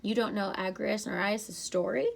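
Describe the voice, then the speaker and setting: A woman voicing a smooth, scornful teenage boy villain in a storybook reading, with a mocking, persuasive manner. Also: mid-range voice, fairly even intonation, moderate pace. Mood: taunting.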